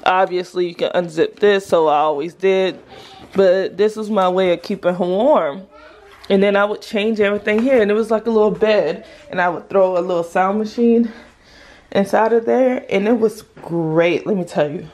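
A woman's voice: mid-range voice, normal speed, a little mellow, a little hiss or hum. A young woman vlogging casually as a mom, chatting and explaining hands-on as she demonstrates a stroller at home. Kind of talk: casual demo vlog.

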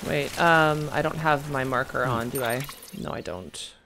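A woman's voice: a bass voice, unhurried, a bit bright, slight background noise. A young woman giving casual commentary while playing a video game, reading game text aloud and chatting to herself. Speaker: gaming streamer. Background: game music.

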